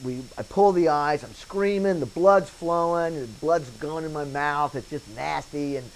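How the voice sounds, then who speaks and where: A man recalling a story in a casual documentary interview, telling it with lively anecdotes and acting out the voices he quotes. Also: on the high side, measured pace, a little hiss or hum, rough recording. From Wilmington, North Carolina area. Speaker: interviewee, former set painter turned bit actor.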